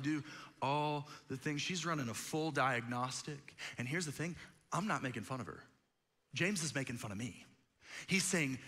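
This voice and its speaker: A man preaching a sermon as pastor, conversational and animated, acting out quotes and joking asides. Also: high voice, in a large hall. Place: church auditorium.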